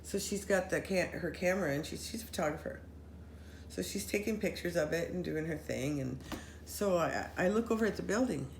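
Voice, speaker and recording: A woman telling a story in casual chat with friends, animated, running her sentences together and acting out what people said. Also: on the low side, fairly quick, vocal fry. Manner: animated, acts out quoted voices, run-on sentences. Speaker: storyteller recounting a paranormal experience. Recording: roomy echo with faint noise.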